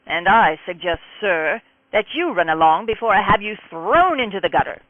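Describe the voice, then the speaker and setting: A woman's voice: mid-range voice, expressive, moderate pace, dry recording, lightly acted. Disdainful English butler, tall and stiff, clipped and cold, voiced by a woman narrator, tinny phone-like audio. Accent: put-on English. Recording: tinny phone-like dry sound.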